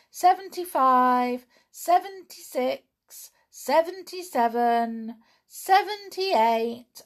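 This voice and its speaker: A woman reading a children's story aloud, in an expressive, unhurried way. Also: fairly low pitch, gravelly, breathy edge.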